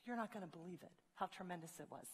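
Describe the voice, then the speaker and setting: A woman doing a hushed, thrilled traveler. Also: lowish voice, quick pace, slightly rough, voice pushed down. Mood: awed. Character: excited woman traveler, a salon client. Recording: long reverb of a large hall.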